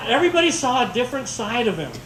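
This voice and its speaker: A middle-aged man giving a memorial speech in a church chapel, telling stories in a halting, rambling way and chuckling often. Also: extremely high pitch, big pitch swings, crowd noise, background noise. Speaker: family member giving a eulogy. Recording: echoey hall picked up from far off.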